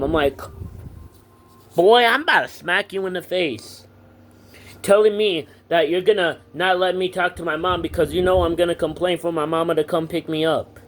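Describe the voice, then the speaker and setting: A man's voice: fairly high pitch, moderate pace. Teen boy vlogging, rambling and profane. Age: teens. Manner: rambling with many fillers, blunt and profane. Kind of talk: casual storytelling to camera.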